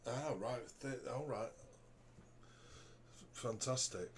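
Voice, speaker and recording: A man's voice: mid-range voice, takes it slowly. A man with a London accent hosting a podcast interview, asking short questions and agreeing briefly. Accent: London English. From England. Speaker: podcast host. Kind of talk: casual interview chat.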